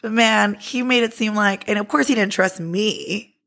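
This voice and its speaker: A woman podcast host telling a personal story in a casual, candid, heavily profane way, animated and lively. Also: mid-range voice, normal speed, vocal fry.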